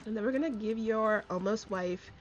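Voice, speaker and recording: A young woman streams a life-sim game, her voice at a middle pitch. She talks casually and chattily, laughing often and slipping quick lines into her characters' mouths. Soft game music plays faintly behind her. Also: highs cut off. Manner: chatty, giggly, voices sims' thoughts in quick asides. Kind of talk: casual gameplay commentary.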